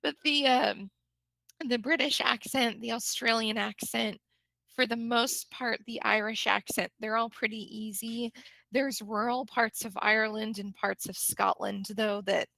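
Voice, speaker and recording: A woman's voice: a little high, steady tone, unhurried, vocal fry, sharp tone, no room sound, poor audio. An American woman, an English teacher, chatting animatedly in a casual conversation and laughing often.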